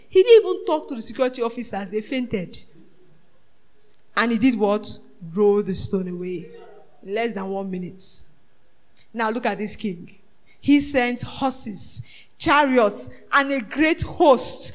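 A woman preaching a sermon, swinging from shouted peaks to hushed asides and asking the congregation rhetorical questions. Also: on the high side, a little slow, pauses often.

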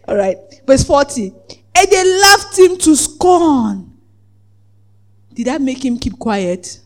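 A preacher giving a lively sermon, acting out the voices in the story, laughing often and asking the congregation whether they follow. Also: high voice, slow pace. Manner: asks the congregation "Are we together?".

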